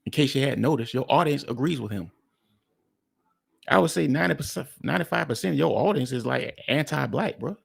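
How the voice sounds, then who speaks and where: A man's voice: mid-range voice, expressive, fairly quick, vocal fry, husky. A man hosting a reaction commentary, talking bluntly and mockingly to his viewers. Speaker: commentary host.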